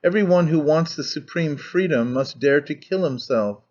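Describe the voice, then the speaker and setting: A man voicing an intense, brooding young man obsessed with one idea, earnest and halting as he speaks. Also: on the high side, animated, a little mellow, highs cut off. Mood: fervent. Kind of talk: audiobook character reading.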